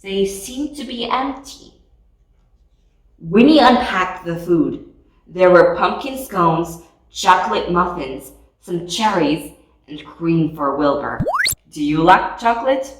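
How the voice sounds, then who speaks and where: A woman reading a picture book aloud with slow, expressive storytelling. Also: on the low side, recorded from a distance. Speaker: storybook reader. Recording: echoey room, voice off mic.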